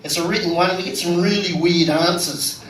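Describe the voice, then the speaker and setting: An Australian man doing a stand-up comedy set, delivering crude punchlines deadpan. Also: high voice, a little fast, slight background noise. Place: comedy venue stage. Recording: echoey room from far off with loud ambience.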